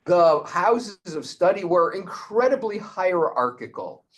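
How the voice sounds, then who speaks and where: Male host-teacher, slow and lively storyteller, fairly high voice. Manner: animated storyteller, frequent restarts.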